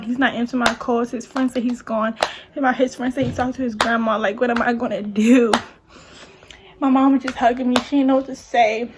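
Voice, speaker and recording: A young adult woman telling a story on her vlog in casual chat, animated and slangy, full of "like"s. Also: on the high side, background noise. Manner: animated, talks with many "like"s and slang. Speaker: vlogger.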